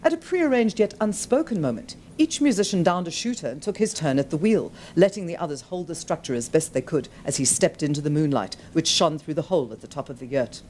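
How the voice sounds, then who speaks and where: A woman's voice: low voice, fairly quick, hardly any pauses, slight background noise. A woman author reading her own novel aloud at a bookshop event, telling the story expressively. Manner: expressive, animated storytelling with voiced characters.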